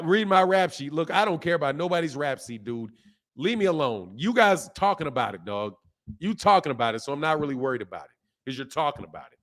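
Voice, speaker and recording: A man in his fifties hosting a boxing live stream, ranting at his chat in an animated, exasperated way. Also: fairly high pitch. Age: 50s. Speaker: boxing channel host.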